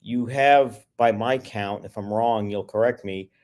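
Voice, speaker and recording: A man with a somewhat low voice speaks as a criminal defense attorney on a podcast. He talks in a measured, lawyerly way, weighing each word. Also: a little mellow. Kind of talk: casual podcast commentary.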